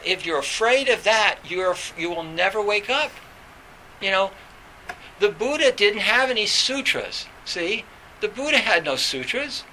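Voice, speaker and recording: High bright-voiced man giving a Zen talk. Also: slight background noise, low-quality recording. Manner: rambling, many fillers and restarts. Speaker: Zen teacher. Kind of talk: dharma talk.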